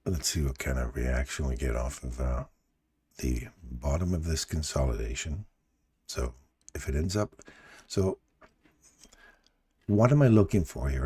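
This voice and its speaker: Groggy deep-voiced man hosting a trading stream. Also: breathy edge, dry recording. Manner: relaxed, musing, chats to viewers. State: groggy morning voice. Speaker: live trading stream host. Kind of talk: casual live-stream commentary.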